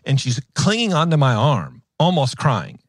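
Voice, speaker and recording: With a clean, echo-free studio sound, a man in his thirties hosts a podcast at a moderate pace in a mid-range voice. He tells stories and chats casually in an animated, rambling way, leaning on lots of fillers and restarts.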